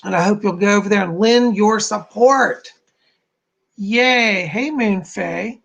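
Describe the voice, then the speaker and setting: A man's voice: high voice, slow pace, creaky, a bit bright. A man hosting a psychic live stream, chatting casually and bubbling over as he greets viewers by name and reads their comments.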